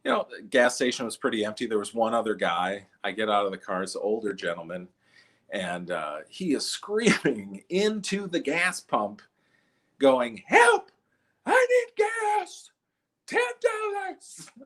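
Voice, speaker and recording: A man's voice: lowish voice, normal speed. A man doing stand-up comedy, telling stories and acting out the voices of the people in them. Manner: animated, acts out voices in his stories. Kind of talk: stand-up storytelling.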